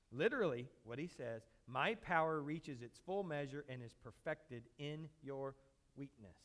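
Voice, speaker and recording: A pastor preaching a sermon, acting out pleading prayers loudly, then dropping low and quiet. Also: male voice.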